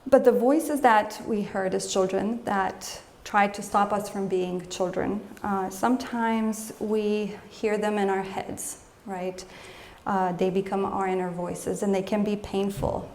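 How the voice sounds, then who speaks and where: A woman's voice: mid-range voice, steady tone, measured pace, a little mellow, a little hiss or hum. A woman emotional health coach giving a live lecture, talking conversationally and putting questions to the audience. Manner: acts out scolding voices in quotes.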